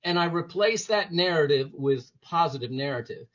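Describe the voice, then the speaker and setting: A man's voice: fairly high pitch, animated, moderate pace, fairly bright tone, dull audio. A man being interviewed as a guest, giving motivational talk and acting out the inner voices and quotes he describes. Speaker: interview guest, former police detective.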